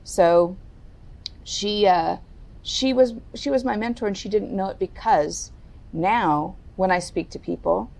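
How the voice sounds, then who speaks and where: A middle-aged woman telling a personal story as a podcast guest, candid and deliberate. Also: creaky, a little mellow. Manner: candid, lowers her voice and speaks deliberately. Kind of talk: reflective interview storytelling.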